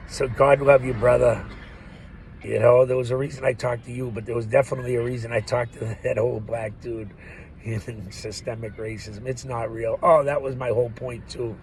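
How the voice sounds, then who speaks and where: A man's voice: mid-range voice, steady tone, normal speed, a little hiss or hum, low-quality recording. A man rambling through a profane, laugh-filled monologue as a vlogger. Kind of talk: ranting monologue.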